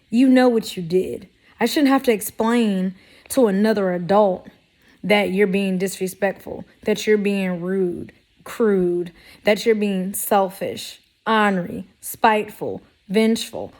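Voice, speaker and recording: Woman vlogger, mid pitch, blunt and sassy, casual advice talk. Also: a little slow. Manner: sassy, blunt, animated with mock quotes. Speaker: vlogger giving life advice. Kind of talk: casual direct-to-camera talk.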